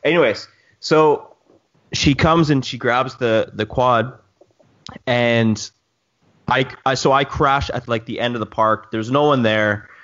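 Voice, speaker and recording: A man telling a long story in casual chat with friends, rambling and animated with many restarts. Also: medium pitch, slow pace, muffled recording. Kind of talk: casual chat among drone pilots.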